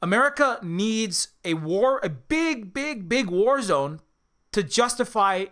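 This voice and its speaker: A man's voice: high voice, sing-song, takes it slowly, fairly bright tone. A man giving a rambling, profane political rant, full of restarts and asides. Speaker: indie game developer and commentator. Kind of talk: ranting political commentary.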